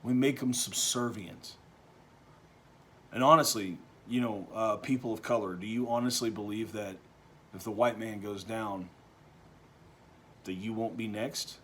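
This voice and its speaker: A man from Texas, giving an opinion monologue that is full of restarts and swings between quiet, low stretches and loud, animated bursts. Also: slight background noise. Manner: halting, with frequent restarts and repeated words. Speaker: vlogger.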